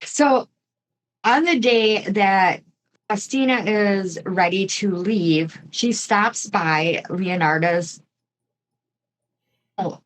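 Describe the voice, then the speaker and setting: A woman's voice: mid-range voice, drawn-out words, long pauses. A woman co-hosting a podcast, telling a true-crime story casually with chatty asides and mild swearing. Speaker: podcast co-host.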